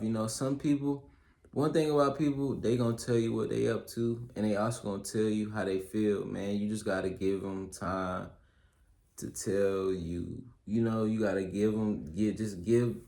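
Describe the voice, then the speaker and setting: A man's voice: on the low side, darkish tone. A young man giving casual advice, working through a list of pointers in a loose, slangy style full of fillers and check-ins. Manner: loose slangy delivery, many fillers and "you feel me"; works through a list of pointers, reading some aloud. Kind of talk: casual solo advice talk. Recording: roomy echo.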